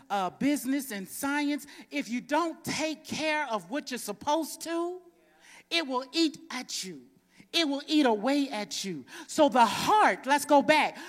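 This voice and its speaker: A man preaching a sermon in a church, swinging between shouted exhortation and soft chuckling asides. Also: extremely high pitch. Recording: reverberant church hall.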